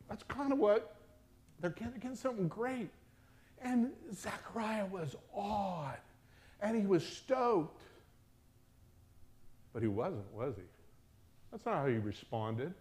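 A male preacher reading and retelling scripture in an animated sermon, with casual slang asides. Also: sits high, unhurried, pauses often.

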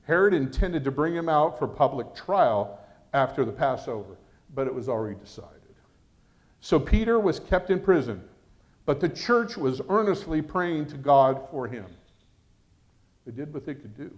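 A man preaching a sermon as pastor, animated and acting out quoted voices. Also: fairly high pitch, normal speed.

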